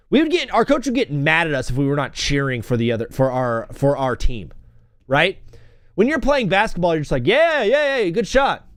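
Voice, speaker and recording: A man's voice: fairly high pitch, no room sound, clean studio sound. A young man hosting a live stream from home, rambling through stories and chanting old cheers. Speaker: host. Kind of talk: casual live-stream chat.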